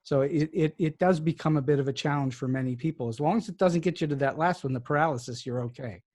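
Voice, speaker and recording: Male host, slightly higher voice, affirming, thoughtful interviewer. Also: fast, darkish tone. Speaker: podcast host. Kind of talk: conversational interview.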